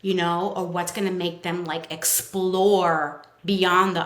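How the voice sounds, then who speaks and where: A woman's voice: fairly low pitch, little pitch movement, slow, fairly bright tone. A woman with a New York accent, a child therapist chatting casually as a podcast guest and acting out what kids say. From Brooklyn. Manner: chatty, many fillers, acts out kids' quotes. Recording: roomy echo.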